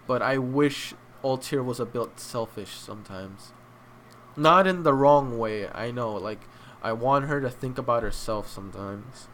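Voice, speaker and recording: A young man hosting an anime review, choked up and crying, talking in a heartfelt, halting way with many restarts. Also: medium pitch, a bit bright, a little hiss or hum. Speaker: anime reaction channel host. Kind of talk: emotional casual review.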